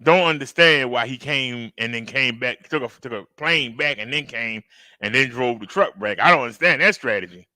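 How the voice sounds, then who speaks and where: Forceful, animated male commentary host. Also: mid-range voice, normal speed, no echo. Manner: animated, emphatic storytelling with acted-out outbursts; conversational, addresses viewers directly. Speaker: reaction video host. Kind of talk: casual commentary.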